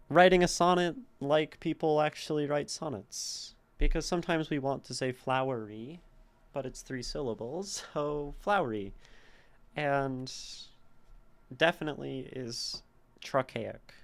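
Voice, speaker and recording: A man's voice: mid-range voice, vocal fry. A man streaming a casual poetry critique, thinking aloud and sounding out the stresses of words. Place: home streaming setup.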